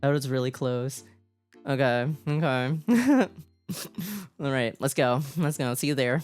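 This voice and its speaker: A woman with a low, dusky speaking voice chats on a live stream. She is giggly, excitable and playful, talking close into a desk mic, with faint music underneath. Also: a little slow. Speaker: VTuber streamer. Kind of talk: casual live-stream chat.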